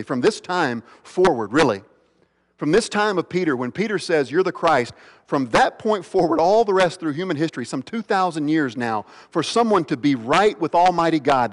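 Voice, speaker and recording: A male pastor preaching an earnest sermon, slowing down and going quiet and low when he voices the questions he quotes. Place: church sanctuary. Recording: long reverb of a large hall.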